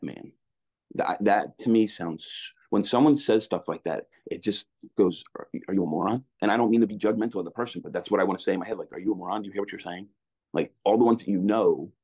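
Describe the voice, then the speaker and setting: A man's voice: low voice, a little mellow. A middle-aged man telling his story in a candid conversation, rambling with many restarts and casual asides like "man" and "you know what I mean". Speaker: interview guest. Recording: dull lo-fi sound.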